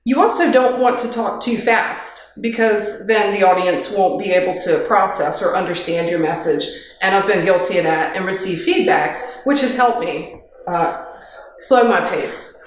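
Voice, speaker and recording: At a measured pace and in a medium-pitched voice, the woman gives a chatty, hands-on staff training talk with light humor, speaking into a handheld mic. Her words echo heavily around the kitchen, and there's slight background noise.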